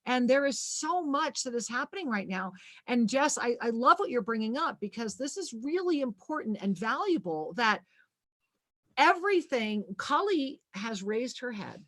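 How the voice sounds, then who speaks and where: A woman with a fairly high voice hosts a spiritual talk radio show. She speaks emphatically and circles back to repeat her key phrases.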